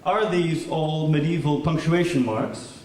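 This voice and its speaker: In a big lecture hall, a man performs a lecture made wholly of questions, lifting his intonation at the end of each. He has a slightly high, somewhat mellow voice and an unhurried delivery. The recording sounds distant and echoey, with faint noise.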